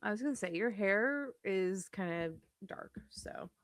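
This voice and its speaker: A woman's voice: mid-range voice, animated, unhurried, dry recording, clean studio sound. A young woman co-hosting a podcast, chatting casually in an easygoing, rambling, confiding way. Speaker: podcast co-host. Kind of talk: casual chat.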